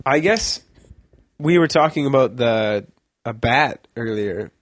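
A man's voice: medium pitch, lively intonation, takes it slowly, no room sound. A young man chatting casually on a podcast, telling a long rambling story, laughing mid-sentence and swearing now and then.

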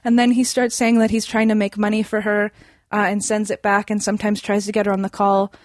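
A young woman chats her way through a story, looping back with fillers and restarts as she goes. Her voice is of middle pitch, recorded close and dry with no room sound. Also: monotone, brisk, darkish tone, no room sound. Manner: chatty, many fillers and restarts. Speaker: podcast guest. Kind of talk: casual storytelling.

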